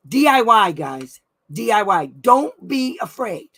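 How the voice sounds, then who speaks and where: A woman's voice: a little high, very animated, slow, a bit bright. A middle-aged woman hosting a weekly live advice stream from home, chatting effusively and laughing often. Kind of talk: casual live-stream chat.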